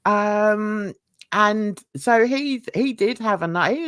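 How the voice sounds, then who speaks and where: A woman's voice: mid-range voice, very slow, fairly bright tone, clean tone, dry recording, clean studio sound. An older woman hosting a casual livestream chat, rambling and laughing often. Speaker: host.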